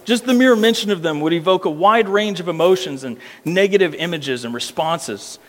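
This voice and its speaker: A man's voice: sits high, a bit bright. Emphatic man preaching in a reverberant hall. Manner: emphatic, repeats words for weight, slows on key phrases. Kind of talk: expository sermon. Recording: long reverb of a church hall.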